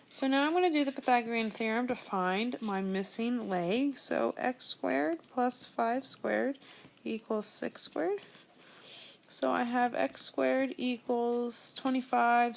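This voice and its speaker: A young woman with a gravelly edge and a somewhat high voice teaches math, working each step aloud. She speaks in a steady, explanatory way, like a recorded classroom lesson. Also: a little hiss or hum.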